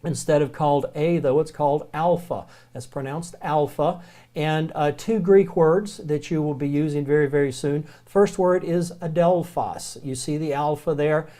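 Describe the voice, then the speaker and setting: In a recorded lecture on the Greek alphabet, a Southern American man speaks in a relaxed, folksy manner. His pitch is fairly high, and he eases his pace when spelling out words.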